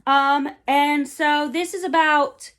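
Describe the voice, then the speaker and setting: Speaking slowly in a high, slightly bright voice with fairly even intonation, a book vlogger in her twenties chats casually about books she loves. She rambles a little, recommending titles with fillers and playful slang.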